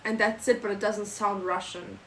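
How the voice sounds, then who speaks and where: A woman's voice: mid-range voice, fairly even intonation, normal speed, a little hiss or hum, rough recording. A young woman streamer with a German accent, chatting playfully and reading out her live chat. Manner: playful, jokey, switching into silly mock phrases.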